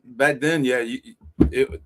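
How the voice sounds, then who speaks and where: Here the fill-in co-host speaks slowly in a mid-range voice that is fairly bright, with fairly even intonation. He's a rambling, profane storyteller in casual podcast chat, constantly reaching for "you know" and other fillers.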